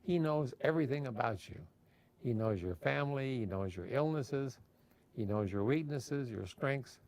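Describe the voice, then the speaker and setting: A man's voice: mid-range voice, darkish tone. Rambling man telling stories. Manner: rambling, frequent fillers and restarts. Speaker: interviewee. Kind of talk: casual storytelling.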